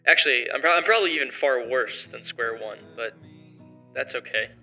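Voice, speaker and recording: A man's voice: mid-range voice, normal speed, gravelly, pushed and bright, muffled recording, soft background music. A young man voicing an arrogant male motivational streamer who speaks in a sarcastic, defiant, confrontational way in an amateur story drama. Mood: reflective.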